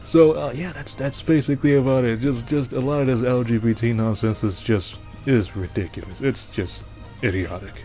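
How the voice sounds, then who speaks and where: A male vlogger talking straight to camera in a loose, rambling monologue at a mid-range pitch. He doubles back on his words and breaks into short chuckles, with faint music underneath. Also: moderate pace, mellow. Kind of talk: casual opinion monologue.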